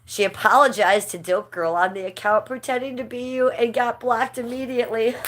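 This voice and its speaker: A woman's voice: a little high, background noise. A middle-aged woman hosting a casual livestream, chatting and gossiping with her viewers and laughing often. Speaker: livestream host.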